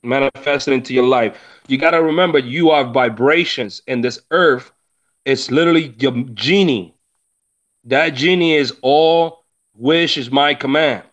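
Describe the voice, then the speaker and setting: A man's voice: mid-range voice, measured pace, fairly bright tone, muffled recording. A man talking casually on a discussion panel, giving emphatic, preachy life advice and swearing freely. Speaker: panel speaker, rideshare driver. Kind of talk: casual motivational talk.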